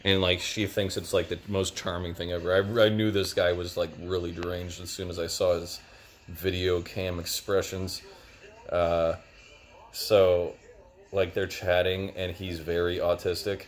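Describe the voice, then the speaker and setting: Low-voiced man rambling through a review. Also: level tone, a little slow. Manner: rambling, lots of "like" and "uh". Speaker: TV show reviewer. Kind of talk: casual spoken review.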